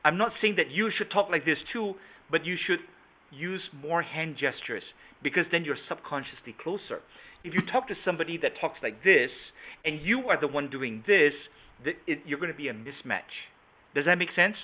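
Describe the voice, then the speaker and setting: A man's voice: fairly high pitch, animated, normal speed. Man, sales trainer, online class, checks in with "right?" and "okay?", tinny call audio. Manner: interactive, quizzes participants by name with frequent "right?" and "okay?"; shifts volume and tone to demonstrate matching, from soft to strong. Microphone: video call.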